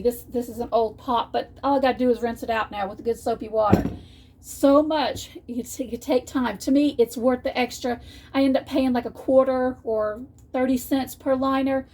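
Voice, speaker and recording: A woman's voice: sits high, a little mellow, a little hiss or hum. A woman, chatting folksily in her home kitchen for a cooking vlog. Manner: chatty, folksy, restarts often. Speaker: cooking vlogger.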